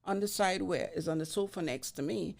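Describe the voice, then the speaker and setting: A woman in her sixties, a podcast guest, telling lively stories and acting out the voices in them. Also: lowish voice, fairly quick, vocal fry. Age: 60s. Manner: animated, acts out voices in her anecdotes. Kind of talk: storytelling in conversation. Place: studio beside a barbershop.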